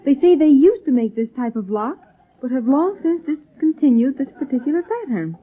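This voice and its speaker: A cheerful young circus performer. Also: female voice, high voice, big pitch swings, moderate pace. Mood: reassuring. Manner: bright, reassuring. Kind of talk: 1940s radio acting. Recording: narrow phone-like old radio sound.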